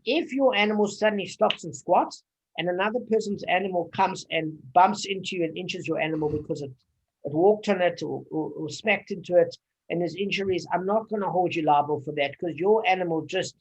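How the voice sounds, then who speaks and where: A man's voice: sits high, normal speed, husky, low-quality recording. A man leading a casual Talmud study group, explaining at length with anecdotes and many fillers.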